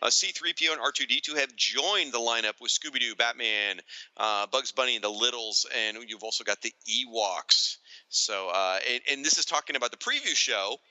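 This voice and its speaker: A man co-hosting a casual chat, excitable and animated, now and then slipping into silly voices for quoted lines. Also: medium pitch, normal speed, dry recording, low-quality recording. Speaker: podcast co-host. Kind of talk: casual chat about retro cartoons.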